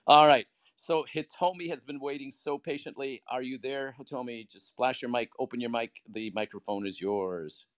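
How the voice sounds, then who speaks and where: A man hosting a live audio chat room, effusive and quick to praise and laugh. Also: medium pitch, dry recording. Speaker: room host.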